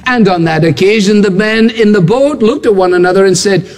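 A man's voice: high-pitched, brisk, long reverb tail. A man preaching a sermon, emphatic and building his points through repeated phrases and rhetorical questions to the congregation. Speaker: pastor.

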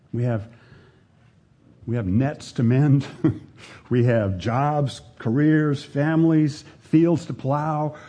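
An older man preaching a sermon, speaking deliberately, repeating his phrases and sinking to a hushed voice to drive a point home. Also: mid-range voice, breathy edge.

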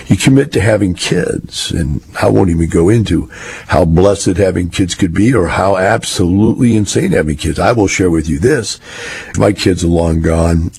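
A man's voice: low voice, creaky, warm tone, slight background noise. An older man telling rambling, folksy stories in a casual monologue. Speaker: real estate investor.

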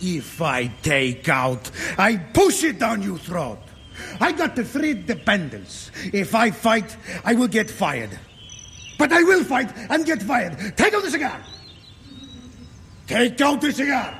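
An actor playing a hot-tempered, tender-hearted Sicilian truck driver who speaks broken English with a Sicilian Italian accent, in a 1950s film drama. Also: male voice, sits high, wildly swooping pitch, takes it slowly, a little hiss or hum, heavily acted. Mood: furious. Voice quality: broken English, emotional and loud.

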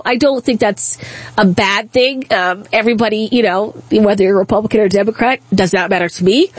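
A woman's voice: medium pitch, no echo. A woman hosting a call-in talk radio show, speaking bluntly and indignantly with frequent restarts.

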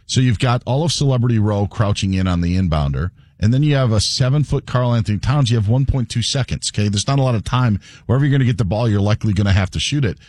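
A man's voice: fairly low pitch, fast talker, hardly any pauses, darkish tone, no room sound. A man on a sports radio show breaking down a game play in an emphatic, analytical way.

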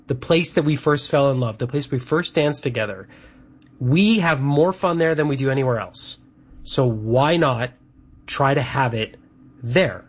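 A man's voice: mid-range voice, moderate pace, breathy edge. A man from Canada co-hosting a show, rambling chattily through lists with lots of fillers. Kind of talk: casual chat. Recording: dull lo-fi sound.

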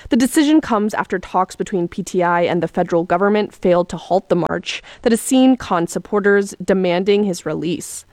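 A woman foreign correspondent filing a radio news report in a steady reporting tone. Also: fairly low pitch, no echo.

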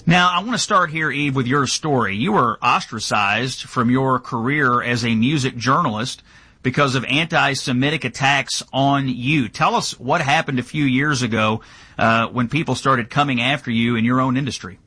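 Brisk bright-voiced male talk host. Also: medium pitch, breathy edge. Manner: brisk, scripted delivery. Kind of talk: news talk show.

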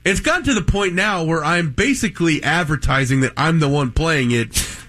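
A man in his thirties with a fairly high voice co-hosts a radio talk show, speaking at a normal pace. He tells a long anecdote in casual conversation, animatedly acting out what people said.

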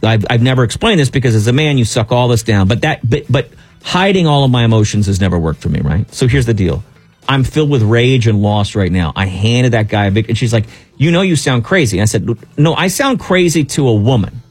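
Husky-voiced man telling an angry story. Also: medium pitch, brisk, soft background music. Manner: animated, exasperated storytelling with many restarts. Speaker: radio show host. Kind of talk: casual storytelling chat.

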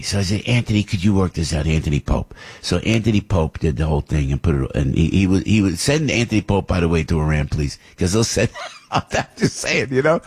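Deep husky New radio host. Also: male voice, darkish tone, no echo. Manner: rambling storyteller, acts out quoted voices, many restarts. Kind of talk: casual radio talk. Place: radio studio.

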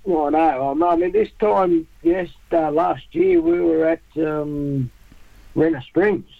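An Australian man chats through a surf report on the radio, easygoing and quick to laugh. His voice sits a touch high, recorded close and dry with a dull, lo-fi edge. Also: gravelly, no echo. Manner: laughs often, easygoing banter. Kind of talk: casual radio chat.

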